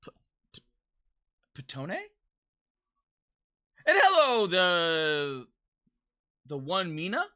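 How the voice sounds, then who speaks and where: A woman streamer talks in an unhurried, rambling way at a desk mic. Her pitch jumps around a lot and her tone is bright. She often trips over restarts as she chats with viewers. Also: wildly swooping pitch. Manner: rambling, stumbling restarts and frequent laughter. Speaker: livestreamer. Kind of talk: casual chat while reading viewer messages.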